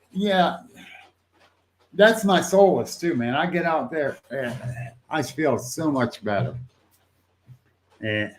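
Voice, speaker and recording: An older man hosting a casual livestream, rambling in a folksy way, laughing often and swearing now and then as he answers viewers. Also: medium pitch. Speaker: livestream host.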